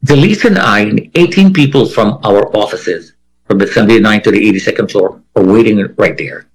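A man's voice: fairly low pitch, lively intonation, a little fast, breathy edge, poor audio. A man giving a first-person account in an interview, vividly acting out the voices of the people he quotes. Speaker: interviewee telling a personal story.

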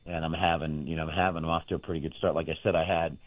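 A man's voice: rumbling low, level tone, racing, no room sound. A man, a sports betting handicapper, telling a rambling, boastful story about his bets in casual chat on a show. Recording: dry, tinny phone line.

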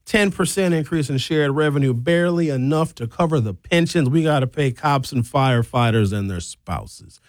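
A man, hosting a talk show and delivering an opinionated, animated monologue with blunt, sarcastic asides. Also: medium pitch, normal speed, hardly any pauses, dry recording, clean studio sound. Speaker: radio talk show host.

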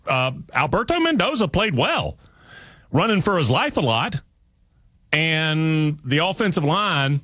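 A man's voice: mid-range voice, fairly bright tone, no echo. A man hosting sports talk radio, breaking down a game in a conversational, emphatic way. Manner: conversational, emphatic, talks through restarts.

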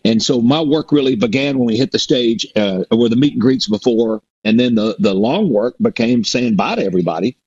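Middle-aged male guest, husky, rambling storyteller, dull lo-fi audio. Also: mid-range voice, fairly quick, hardly any pauses, a little mellow. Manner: rambling, with many restarts and fillers. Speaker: performer and guest. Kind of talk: casual interview storytelling. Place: performs a resident show in a Mississippi theater.

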